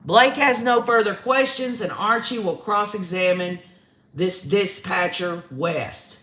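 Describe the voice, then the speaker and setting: Man, high bright voice, slow and drawn-out, folksy live-stream host, echoey room. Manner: folksy and chatty, talks straight to viewers. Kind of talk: live-stream commentary reading viewer comments. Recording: roomy echo.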